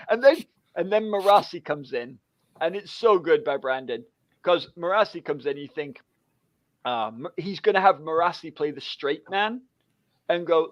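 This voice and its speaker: Animated man chatting, lo-fi sound. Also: sits high, no echo. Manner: animated, laughing storyteller who acts out quotes. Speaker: book club co-host. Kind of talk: casual book chat.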